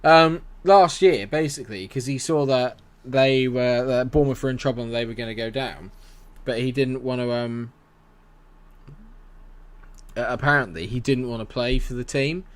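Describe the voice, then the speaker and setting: A man's voice: medium pitch, fairly even intonation, moderate pace, pauses often. A young man casually commentating on his management game live and chatting with viewers, rambling and friendly in tone. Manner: chatty, rambling, reads chat aloud and answers it. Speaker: gaming streamer.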